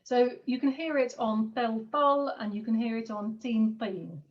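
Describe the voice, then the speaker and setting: A woman's voice: a little high, unhurried. A woman lecturer giving an academic seminar talk, hesitant with many fillers. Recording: distant muffled online talk recording.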